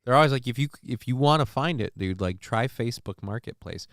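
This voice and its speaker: A man's voice: medium pitch, animated, brisk, a bit bright, no echo, studio quality. A man hosting a casual livestream, joking loosely and with profanity while reading out viewer comments. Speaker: livestream show host.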